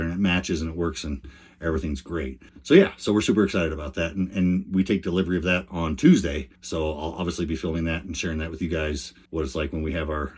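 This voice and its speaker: This older man, who vlogs about RV life, tells a meandering, conversational story to the camera in a low, slightly husky voice with a darkish tone. He frequently stops and starts his sentences over.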